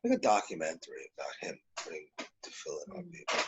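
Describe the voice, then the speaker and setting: A man's voice: low-pitched, huge pitch swings, quick pace, slightly rough, lo-fi sound. A man on a video call, making offhand casual remarks. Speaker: call participant. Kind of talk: casual chat.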